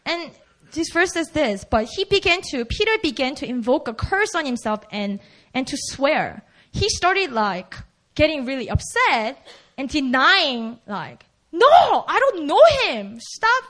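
A woman's voice: sits high, big pitch swings, measured pace, fairly bright tone. A woman preaching a sermon in a casual, conversational way, acting out the quoted lines.

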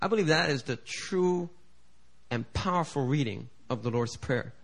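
A middle-aged man preaching a sermon as pastor. He swings from quiet asides to loud, climbing appeals and acts out the prayers he quotes. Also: mid-range voice, lively intonation, moderate pace, vocal fry. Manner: preaching with big swings in volume, building to shouted climaxes; acts out quoted voices and prayers in shifting tones.

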